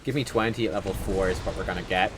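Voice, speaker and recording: Low-voiced man streaming gameplay commentary. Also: fast, background noise. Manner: chatty, rambling, with fillers and sudden excited outbursts. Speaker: game streamer. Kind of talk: casual livestream gameplay commentary.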